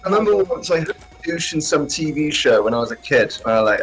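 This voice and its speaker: A man's voice: a little high, lively intonation, fast talker, over music, rough recording. A man co-hosting a podcast, telling jokey stories in casual banter with friends and swearing freely. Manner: swearing, joking storyteller. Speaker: podcast co-host.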